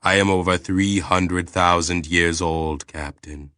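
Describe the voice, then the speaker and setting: An ancient alien intelligence speaks slowly and clinically, weighing every word in a deep, bright-edged voice, as a male narrator puts it on. It sounds detached and literal-minded. The reading is dry and close. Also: fairly even intonation, clear, resonant tone, no room sound, full character voice. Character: ancient calm alien planetary mind, sexless.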